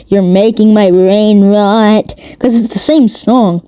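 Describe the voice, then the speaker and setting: A woman's voice: mid-range voice, fairly even intonation, takes it slowly, hardly any pauses, warm tone, clean tone. A woman giving a rambling, sarcastic commentary rant as a video creator. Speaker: commentary youtuber. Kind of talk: ranting commentary.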